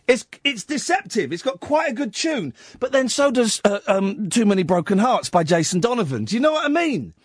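A male radio host works through a comic monologue, incredulous and mock-outraged, humming snatches of tunes along the way. His voice leaps about wildly in pitch while he takes his time over the words. The studio sound is dry and close. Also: husky, no room sound. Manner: sings and hums snatches of tunes.

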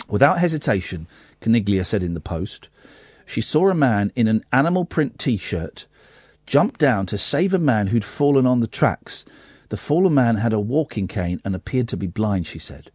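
Animated man hosting late-night radio. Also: fairly low pitch, slightly rough, no room sound. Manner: chatty and animated, with asides and self-corrections. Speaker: radio host. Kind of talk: late-night radio chat, reading out a news story. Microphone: studio microphone.

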